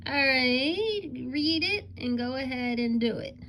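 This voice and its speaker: Woman, kindergarten teacher, encouraging sing-song delivery, fairly high voice, faint background hiss. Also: lively intonation, unhurried, fairly bright tone. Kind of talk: recorded reading lesson for children.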